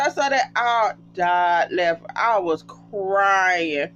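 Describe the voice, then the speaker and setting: A casual reality TV recapper talking straight to viewers, often breaking into high, cracking laughter. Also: expressive, slow, hardly any pauses, a bit bright, clean tone. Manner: chatty, addresses viewers as y'all. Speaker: TV show recapper. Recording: dull lo-fi sound with faint hum.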